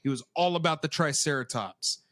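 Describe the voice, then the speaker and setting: A man's voice: on the high side, brisk. A young man co-hosting a podcast, telling childhood stories in casual chat, swearing freely and acting out the voices in them. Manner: animated, swearing, acts out voices in his stories. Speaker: podcast co-host.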